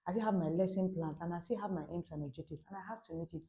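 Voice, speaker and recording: Mellow-voiced woman teaching a casual lesson. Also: fairly low pitch, very fast, gravelly. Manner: chatty, musing aloud to viewers. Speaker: French teacher. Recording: roomy echo.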